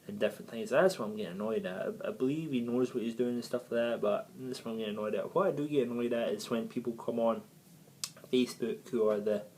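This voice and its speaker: A man's voice: mid-range voice, fast talker, darkish tone, a little hiss or hum, poor audio. A man hosting his own football fan channel, rambling on casually with lots of self-corrections. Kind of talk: casual rambling video commentary.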